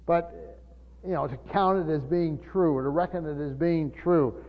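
An older male pastor with a fairly high-pitched voice preaches a sermon at a moderate pace, teaching earnestly but often restarting and repeating words. The recording is dull and lo-fi, with a long church reverb.

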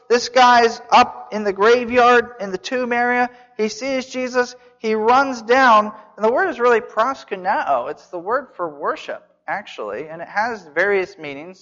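A man with a high, slightly bright voice preaches an expository sermon, earnest and emphatic, repeating phrases for stress. The recording sounds dull, with long hall reverb.

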